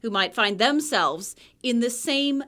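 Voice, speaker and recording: A woman reporter narrating a news package in a measured, formal way. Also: a little high, lively intonation, bright, forceful tone.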